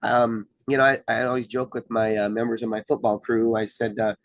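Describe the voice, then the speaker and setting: A middle-aged man from Iowa, a wrestling official talking through rules in a casual podcast chat, measured and full of fillers. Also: mid-range voice, flat delivery, dry recording. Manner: measured, explanatory, many fillers.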